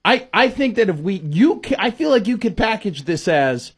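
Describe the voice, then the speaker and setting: A man hosting a radio show, chatting casually in the studio and telling stories in an animated way, laughing often. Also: high-pitched, moderate pace, husky.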